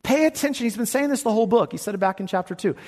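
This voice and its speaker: A man's voice: high-pitched, expressive, racing, darkish tone. Emphatic male pastor in a reverberant hall. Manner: emphatic preaching, repeats words when pressing a point. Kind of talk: sermon.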